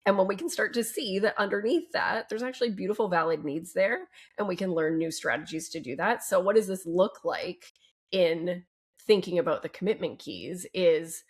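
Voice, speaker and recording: A woman relationship coach speaking as a guest on a podcast interview, upbeat and expressive. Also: lowish voice, moderate pace. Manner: upbeat and expressive, fond of gentle emphasis.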